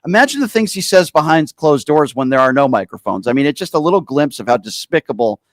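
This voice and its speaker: A male talk radio host speaking emphatically and indignantly, his voice sitting a bit high for a man. He is recorded close on a studio mic, dry and without room echo. He runs a call-in show, taking callers and reading out the number. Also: big pitch swings, quick pace.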